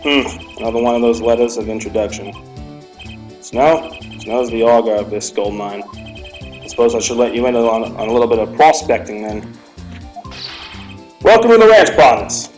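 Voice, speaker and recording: Male player voicing a folksy veteran cowboy detective, slow Southern twang, mid pitch. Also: darkish tone, soft background music, close to an everyday voice, poor audio. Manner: drawling put-on Southern twang.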